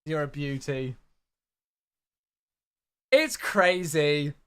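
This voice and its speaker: A man's voice: fairly high pitch, animated, very slow, a bit bright, clean tone. A man casually chatting on a live stream, thanking viewers by name and calling them "mate". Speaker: flight sim streamer.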